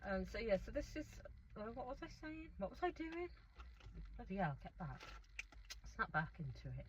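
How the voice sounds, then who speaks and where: A woman's voice: mid-range voice, expressive, normal speed, muffled recording, a little hiss or hum. A middle-aged woman chatting casually through an eating show, rambling and talking to herself as she goes. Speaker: food vlogger.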